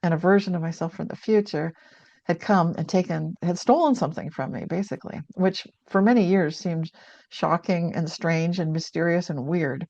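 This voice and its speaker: Older woman, dark lo-fi voice. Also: lowish voice, moderate pace, dry recording. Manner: earnest, reflective, with frequent restarts. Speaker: guest author. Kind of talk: conversational storytelling. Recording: dull lo-fi sound.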